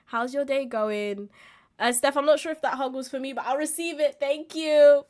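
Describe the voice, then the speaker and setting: A woman's voice: high-pitched, a little fast. A woman, hosting a live-streamed podcast in a candid, chatty way and laughing often as she talks. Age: 20s. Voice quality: expressive, laughs often while talking. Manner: candid, chatty, swings between loud and quiet. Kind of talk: casual live-stream chat.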